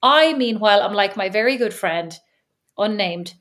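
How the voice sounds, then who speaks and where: A woman's voice: mid-range voice, expressive, normal speed, a bit bright. An Irish woman co-hosting a podcast in casual chat, teasing and laughing often as she tells stories. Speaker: podcast co-host.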